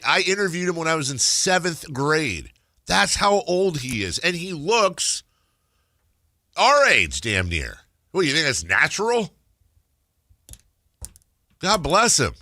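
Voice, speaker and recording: A man's voice: a little high, pushed and bright, no room sound. A man hosting a sports talk radio show, teasing and sarcastic in casual banter at a studio mic.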